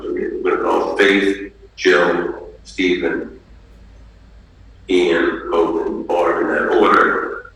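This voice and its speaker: A man officiating a funeral service, reading out family names in a halting way with restarts. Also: sits low, sharp tone. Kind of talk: funeral address. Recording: echoey room, distant mic, faint noise.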